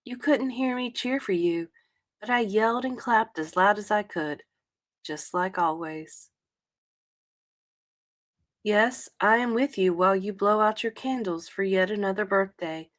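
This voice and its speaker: A woman reading a sentimental passage aloud in a soft, tender, measured way. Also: medium pitch.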